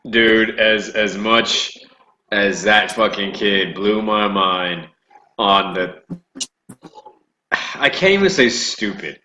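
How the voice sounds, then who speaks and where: A man's voice: lowish voice, expressive, slow, long pauses, bright, forceful tone. A man recalling his Marine deployment in a casual, profane chat, often laughing. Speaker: former Marine, guest. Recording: echoey room, faint noise.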